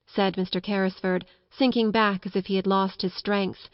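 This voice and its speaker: Female audiobook reader, mid pitch, earnest character dialogue, muffled reverberant sound. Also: flat delivery, moderate pace, hardly any pauses. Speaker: audiobook narrator. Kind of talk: scripted narration of a children's classic.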